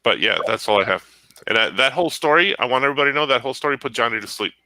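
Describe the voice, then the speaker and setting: Man, lively storyteller, bright tone, voice rises and falls, casual co-host chat. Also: medium pitch, rapid-fire, no room sound, low-quality recording. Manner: animated storyteller acting out both sides of a conversation.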